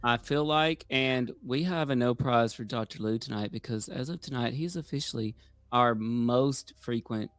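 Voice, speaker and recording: A man's voice: medium pitch, moderate pace, fairly bright tone, no room sound. A man co-hosting a podcast, joking and bantering in casual chat. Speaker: podcast co-host.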